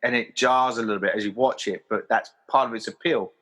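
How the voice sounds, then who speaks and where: A man's voice: medium pitch, fairly even intonation, a little fast, fairly bright tone. A man co-hosting a casual film podcast, talking in a rambling way with lots of fillers and restarts. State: hiccuping. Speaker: podcast co-host.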